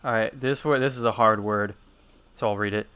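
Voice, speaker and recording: A man's voice: lowish voice, steady tone, brisk, sharp tone, smooth. A man live-streaming a game, reading its lines aloud in two languages and translating them in a casual, amused chat.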